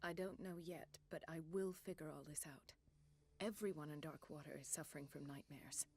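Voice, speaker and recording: An actress playing a calm, authoritative psychiatric doctor with a measured, clinical way of speaking. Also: female voice, low voice. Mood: gentle.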